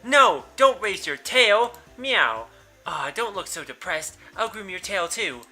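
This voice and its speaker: A man's voice: high voice, sing-song, slow, pushed and bright, faint music behind, voice pushed up, heavily acted. A man reading a brusque teenage girl in a visual novel as she bosses her cats around in a curt, scolding way.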